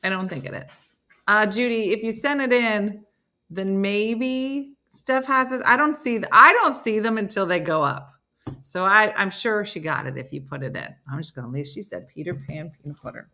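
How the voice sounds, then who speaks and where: A woman's voice: mid-range voice, expressive, moderate pace, sharp tone, slight background noise. A middle-aged woman hosting a casual live stream, reading viewer comments aloud with playful, laughing asides.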